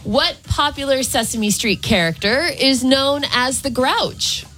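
A woman's voice: high-pitched, lively intonation, a little slow, bright, forceful tone, faint music behind. A woman co-hosting a radio quiz, reading questions out. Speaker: radio co-host.

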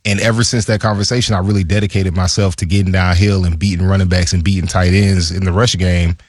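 A man's voice: deep voice, fast talker, husky, dry recording, clean studio sound. A man who played pro football, co-hosting a casual sports talk and telling stories about his playing days in a laid-back way. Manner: storytelling, laid-back, animated retelling.

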